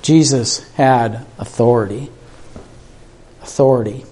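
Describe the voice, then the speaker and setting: The preacher speaks slowly in a warm, medium-pitched voice, with a little hiss or hum in the recording. His sermon is conversational and improvised: he asks listeners questions, repeats words, and restarts sentences.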